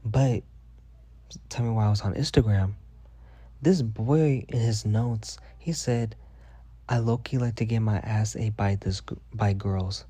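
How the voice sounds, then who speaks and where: Young guy spilling tea, mellow low voice, sassy and cussing a lot. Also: measured pace, slightly rough, no echo. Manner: profane, sassy, rambling. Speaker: podcast host. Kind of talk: casual gossip monologue.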